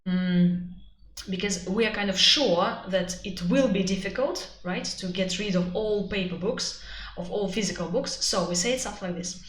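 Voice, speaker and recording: A woman with a Russian accent teaching a live webinar. She talks in an animated, chatty way and uses many fillers. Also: medium pitch, normal speed. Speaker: IELTS teacher. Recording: echoey room, faint background noise.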